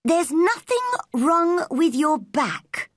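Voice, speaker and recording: A woman's voice: high voice, sing-song, slow pace, dry recording, clean studio sound, pitched above the performer's own voice, full character voice. A woman voicing an angry, stubborn little girl who scolds sharply in a storybook reading. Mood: firm.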